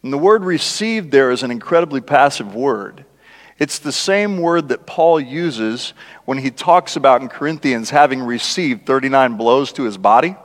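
A man preaching a conversational sermon as a guest speaker, animated and laughing often, acting out the lines he quotes. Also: medium pitch, moderate pace. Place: large church. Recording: church hall with long reverb.

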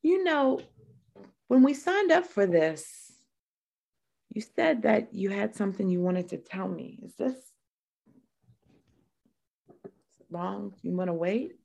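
A woman's voice: medium pitch, animated, gravelly, darkish tone. A woman playing a gushing, teary partner. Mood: curious. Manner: gushing, quick to tears and self-justifying. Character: emotional, touchy woman on a romantic outing. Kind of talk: improvised comedy scene.

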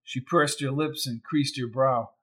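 A man reading a crime novel aloud in even, measured scripted narration. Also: mid-range voice. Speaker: audiobook narrator.

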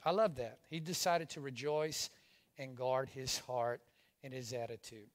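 A middle-aged pastor from Louisiana preaching a sermon, swinging from loud exclamations to hushed asides. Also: male voice, medium pitch, a little slow.

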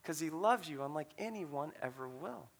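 A man who is a pastor, telling a story in a sermon in a conversational, animated way with fillers. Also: fairly high pitch, moderate pace, creaky.

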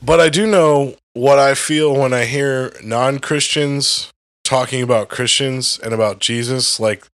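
A man's voice: mid-range voice, steady tone, measured pace, a bit bright, no room sound. A man on a podcast, ranting in a heated, profane way in casual chat with a co-host.

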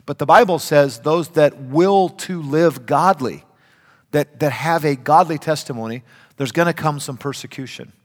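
Older guy preaching a sermon, goes loud then hushed, long echo off a big hall. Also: on the high side, normal speed. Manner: emphatic preaching, swings between loud and hushed. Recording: reverberant hall.

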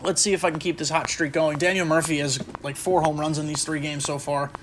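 A man with a fairly high, flat voice talks briskly against a noisy background while hosting a podcast and playing a baseball video game. His casual gaming commentary rambles through speculation, and he keeps breaking off mid-thought with fillers.

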